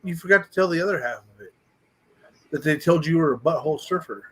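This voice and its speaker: A man's voice: on the high side, lively intonation, quick pace, slightly rough, rough recording. A man joining a casual live-stream chat as co-host, making crude, teasing remarks.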